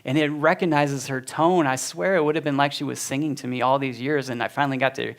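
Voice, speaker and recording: A man's voice: medium pitch, steady tone, fast. A man in his forties giving a personal testimony at a church gathering, telling his story in a heartfelt, conversational way with many fillers. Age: 40s. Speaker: speaker at a church community.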